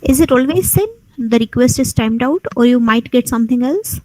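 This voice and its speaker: A woman teacher, firing brisk, probing questions at students in an oral lab exam over a video call. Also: on the high side, expressive, warm tone, dry recording, poor audio. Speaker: teacher conducting a lab viva.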